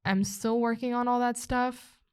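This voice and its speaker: Halting, emotional young woman podcaster. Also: medium pitch. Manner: emotional, halting, trying not to cry. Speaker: podcast co-host. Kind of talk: casual heartfelt chat. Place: indoor podcast recording.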